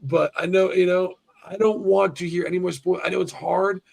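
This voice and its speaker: A man hosting a casual stream talks in a rough, gravelly voice that sits a little high for a man. He gets excited easily, swears freely and trips over his own restarts. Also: moderate pace. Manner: profane and excitable, heavy restarts. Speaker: livestream host. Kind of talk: casual chat.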